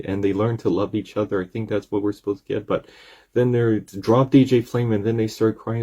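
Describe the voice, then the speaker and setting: Guy rambling thru a cartoon recap, low-ish mellow voice, kinda husky. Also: moderate pace. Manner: rambling, excitable retelling with many restarts. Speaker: video recap creator. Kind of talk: casual episode recap.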